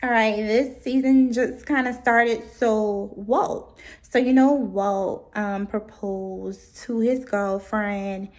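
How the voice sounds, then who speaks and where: Slow-talking sassy woman reviewer. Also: a little high, steady tone. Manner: blunt, sassy and profane. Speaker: reality TV reviewer. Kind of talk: casual recap commentary.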